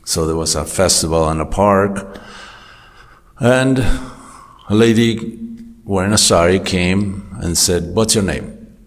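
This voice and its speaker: Very deep-voiced man giving a temple class. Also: slow pace, long pauses. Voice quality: anecdotal, conversational storytelling. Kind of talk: informal scripture class talk. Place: temple hall.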